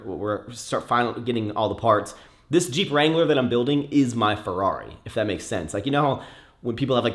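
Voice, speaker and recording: Young male host, casual Q&A, mid-pitched voice, loose and rambling, lots of "um" and "like". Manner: rambling, many fillers and restarts, turns emotional at times. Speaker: YouTuber answering viewer questions. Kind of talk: casual Q&A chat.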